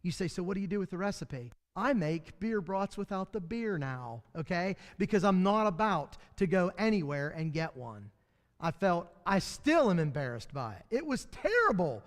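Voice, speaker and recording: A man's voice: high-pitched, very animated, moderate pace. A man teaching a midweek Bible class in a folksy, storytelling way, with self-deprecating humor. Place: church classroom. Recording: long hall reverb.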